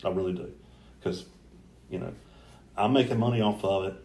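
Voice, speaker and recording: A man's voice: sits low, moderate pace, creaky, mellow, a little hiss or hum. A middle-aged man from North Carolina, a mayoral candidate guest, talking earnestly in a rambling, casual way with frequent restarts. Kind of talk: casual conversational interview. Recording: roomy echoey room.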